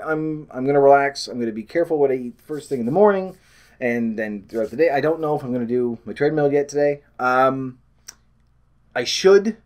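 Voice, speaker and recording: This Canadian man speaks at medium pitch, chatting on his weight loss vlog in a rambling, self-deprecating way. He frequently loses track of what he was saying.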